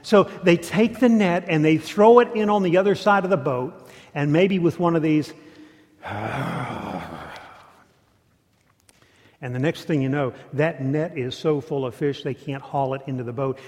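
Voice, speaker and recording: A man preaching a sermon, telling stories in an animated way and often repeating words. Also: a little high, measured pace, in a large hall. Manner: animated storytelling with repetitions.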